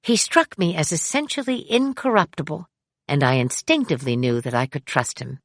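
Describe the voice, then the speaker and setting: A middle-aged woman reading her memoir aloud in a measured way, giving the quoted people raised voices. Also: low voice, sing-song, no room sound, studio quality. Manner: measured, acts out dialogue with raised voice. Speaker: memoir narrator. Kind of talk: audiobook memoir narration.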